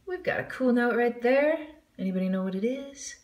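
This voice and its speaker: A woman's voice: a little high, fairly quick, a little mellow, roomy sound. A woman giving a jazz singing lesson, explaining the music and counting in before she scat-sings the examples. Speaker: vocal jazz teacher.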